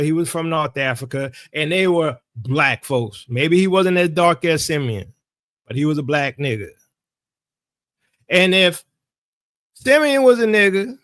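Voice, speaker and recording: A male Bible teacher delivers an insistent, sermon-style lesson, driving his points home by repeating phrases. His voice sits high and carries a sharp, forceful edge. The sound is dry and close, with no room around it. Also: dry recording.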